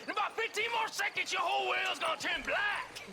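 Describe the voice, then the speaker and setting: A gravelly taunting bounty hunter. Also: male voice, very high voice, fairly quick, crowd noise.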